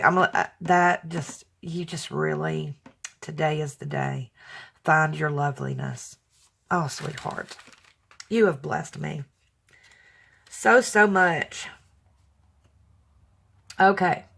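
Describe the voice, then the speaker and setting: A woman vlogger chatting warmly to her viewers as she opens handmade gifts, gushing and tender as she talks straight to them. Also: lowish voice, creaky. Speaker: crafting vlogger opening fan mail. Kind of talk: casual chat to camera.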